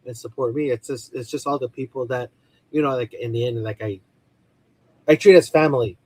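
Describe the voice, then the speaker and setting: A man's voice: medium pitch, brisk, a little mellow, rough recording. A man guest on a casual video call chat, rambling and repeating himself as he talks. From Filipino community. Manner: rambling, repeats "at the end of the day". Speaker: guest, toy seller.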